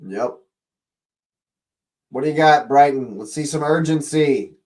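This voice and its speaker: A man hosting a live fan watch-along, calling the match as it happens and shouting at the big moments. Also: on the high side, a little slow.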